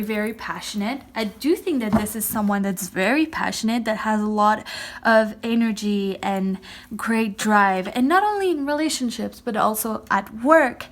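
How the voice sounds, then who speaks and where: A woman with a slightly raised pitch chats her way through a tarot card reading for viewers. She talks casually and a little awkwardly, as if new to the camera, leaning on the same phrases and plenty of ums. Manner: chatty, repeats "I do think", many fillers; first time on camera, a bit awkward.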